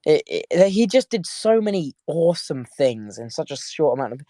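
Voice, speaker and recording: A man's voice: fairly high pitch, sing-song, moderate pace, warm tone, dry recording, clean studio sound. Tired, rambling young Englishman. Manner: rambling storyteller, laughing, many restarts. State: tired from little sleep. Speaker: host. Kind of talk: casual chat on a live audio stream. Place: sitting in bed at home.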